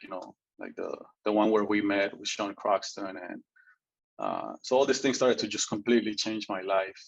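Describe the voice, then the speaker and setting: A man's voice: fairly low pitch, dull audio. A man telling his personal story as an interview guest, earnest and chatty, often adding "right?" and laughing a little.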